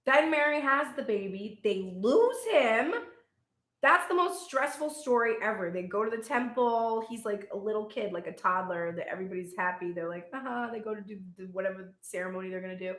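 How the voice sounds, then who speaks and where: A woman's voice: medium pitch, brisk, a bit bright. A young woman reading tarot in a casual, irreverent and profane way, laughing as she tells stories. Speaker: tarot reader. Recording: echoey room.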